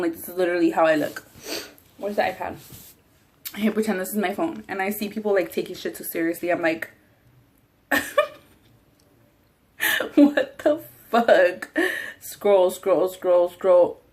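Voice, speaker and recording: A woman chatting casually while eating on a mukbang vlog, rambling, swearing freely and often laughing. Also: medium pitch. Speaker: mukbang vlogger.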